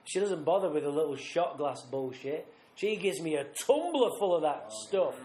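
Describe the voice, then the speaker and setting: A man speaking at a recovery retreat, telling his own story bluntly and vividly, acting out scenes with rough language. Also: a little high, animated, moderate pace, darkish tone. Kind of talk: personal recovery story told live. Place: retreat meeting room. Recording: roomy live talk recording.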